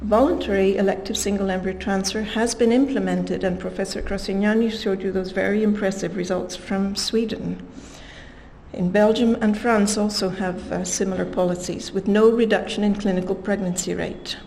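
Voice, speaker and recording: Woman lecturing at a medical conference, mid pitch, steady, bit of faint hiss behind. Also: moderate pace, low-quality recording. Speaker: conference speaker. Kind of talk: scientific conference talk.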